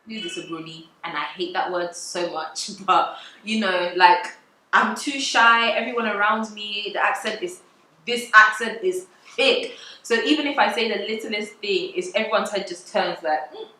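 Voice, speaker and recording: Bright, chatty woman vlogging. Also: medium pitch, normal speed, reverberant, low-quality recording. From England. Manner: chatty, confessional, laughs often. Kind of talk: casual vlog talk to camera.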